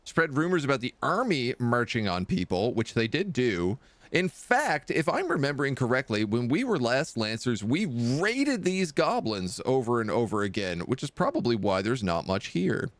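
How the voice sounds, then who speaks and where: A man's voice: mid-range voice, big pitch swings, normal speed, no echo. A man streaming a video game, chatting casually and reading the game's text aloud.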